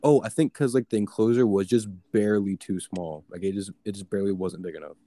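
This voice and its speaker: A man's voice: fairly low pitch, quick pace, dark tone. A young man telling a story in casual chat, rambling with many fillers and swearing. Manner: rambling, filler-heavy, profane.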